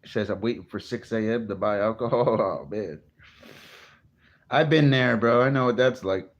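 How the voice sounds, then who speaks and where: A man's voice: on the low side, normal speed, lo-fi sound. A man from New Jersey chatting casually on a morning livestream, greeting viewers and swearing freely. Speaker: livestream host.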